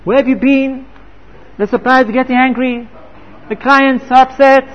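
A man's voice: very high voice, fairly even intonation, normal speed. A man playing a scolding angry wife. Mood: annoyed. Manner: shouting, reproachful questions. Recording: echoey hall, dull lo-fi sound.

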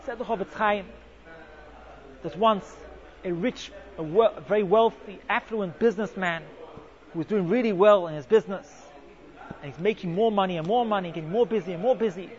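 A man giving an animated Torah talk full of Hebrew and Yiddish terms, telling a story and acting out its quotes. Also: high-pitched, a little fast. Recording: dull lo-fi sound.

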